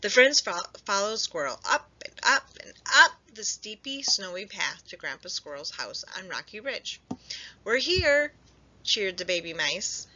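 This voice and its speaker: A woman librarian reading a storybook aloud at story time, expressive and lively. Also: medium pitch, normal speed. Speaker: children's librarian. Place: public library. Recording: dull lo-fi recording.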